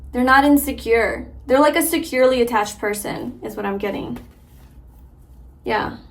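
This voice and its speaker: A woman's voice: on the high side, a little hiss or hum. A young woman giving a casual tarot reading to a viewer, chatty and full of filler words. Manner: chatty, warm-hearted, lots of filler likes and ums. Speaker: tarot reader.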